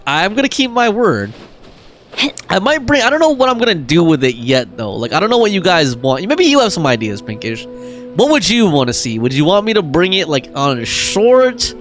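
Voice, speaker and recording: A man's voice: fairly high pitch, fairly bright tone. A young man chatting casually on a game live stream, reading out chat messages and joking with viewers. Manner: chatty, reads chat aloud and jokes around.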